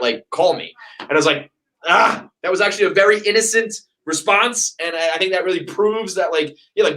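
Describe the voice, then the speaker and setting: A man hosting a casual sports podcast, ranting with heavy profanity and lively quoted asides. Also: a little high, rough recording. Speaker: podcast host.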